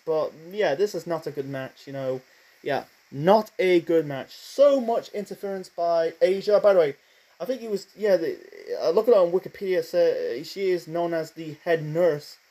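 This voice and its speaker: A man talks through a wrestling show review in a loose, rambling way, full of fillers and side notes. His voice sits a little high for a man, with a mellow, soft tone. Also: poor audio. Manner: rambling, many fillers and asides, admits speaking too fast. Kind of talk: casual spoken review monologue.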